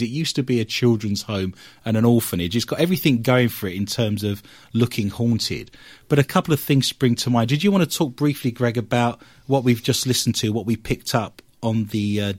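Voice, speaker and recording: A man hosting a radio show, recounting a paranormal investigation as an animated storyteller who works through his notes. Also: medium pitch, dry recording. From England.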